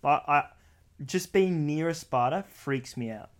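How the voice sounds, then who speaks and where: A man's voice: on the high side, animated. A young man, co-hosting a podcast, who chimes in and corrects his brother. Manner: interjecting, quick to correct. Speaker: podcast co-host. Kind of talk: casual chat.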